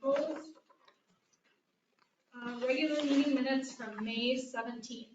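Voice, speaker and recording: A woman chairing a local board meeting in a brisk businesslike way, calling votes and asking questions. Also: high-pitched, fairly even intonation, darkish tone, echoey room. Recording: dull lo-fi recording with faint noise.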